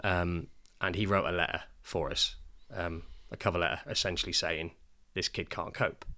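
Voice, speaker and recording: A lively dad who co-hosts a podcast tells stories in a casual chat, speaking at normal speed in a low male voice. He's an animated storyteller who acts out the voices he quotes.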